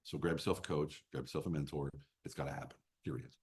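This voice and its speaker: Husky deep-voiced blunt man in his fifties. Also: fairly even intonation, quick pace, darkish tone. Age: 50s. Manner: blunt, emphatic, swears casually. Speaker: business coach guest. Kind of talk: podcast interview storytelling.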